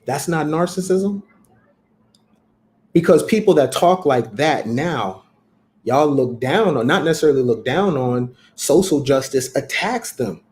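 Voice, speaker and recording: A man's voice: on the high side, expressive, measured pace, darkish tone. A man hosting a livestream talk, speaking in an emphatic, preachy way and repeating phrases for effect. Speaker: host.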